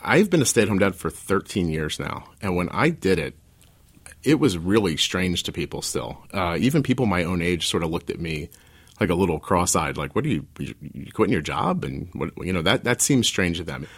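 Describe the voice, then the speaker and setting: Deep and husky with a sing-song lilt, this man speaks at a moderate pace. He's a stay-at-home dad and author in his forties, an interview guest rambling candidly through personal stories with self-deprecating remarks.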